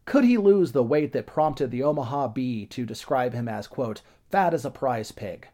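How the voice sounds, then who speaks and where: Wry man with a mellow voice. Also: mid-range voice. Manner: wry, sarcastic asides. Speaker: podcast host. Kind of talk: history podcast narration.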